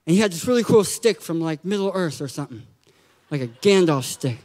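A man preaching a lively sermon in a church, joking and acting out quotes with sudden shouts. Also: high-pitched, normal speed, long reverb tail. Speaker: guest preacher.

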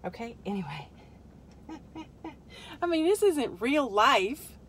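A woman's voice: fairly high pitch, big pitch swings, takes it slowly, fairly bright tone, breathy edge. A woman hosting a casual product-testing live stream from a parked car, rambling through joking asides to her viewers and muttering under her breath as she fiddles with the product. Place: parked car in a store parking lot.

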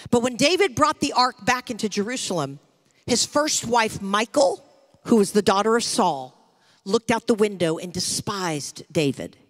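A woman's voice: medium pitch, animated, moderate pace. A middle-aged woman pastor preaching a sermon with rising fervor to her church. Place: church sanctuary.

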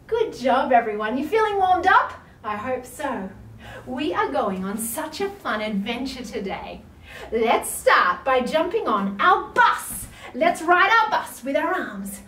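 Woman, children's yoga teacher, very high voice, slow and playful, roomy sound, distant mic. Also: sing-song, fairly bright tone. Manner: encouraging, playful, makes animal sounds. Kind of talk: guided yoga class for young children.

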